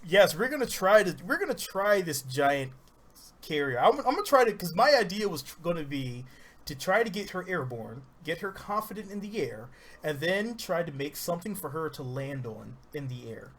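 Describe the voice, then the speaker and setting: A man giving casual, rambling game commentary, excitable and laughing often as he plays. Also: fairly high pitch, moderate pace. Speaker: gaming channel host. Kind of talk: casual let's-play commentary.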